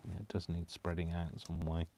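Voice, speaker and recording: A man with a deep, low voice chats casually through a live crafting session. He rambles and talks to himself as he works. He apologizes often and keeps the talk loose and unscripted. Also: flat delivery, brisk, background noise. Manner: rambling, self-talking, apologetic. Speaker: craft channel host.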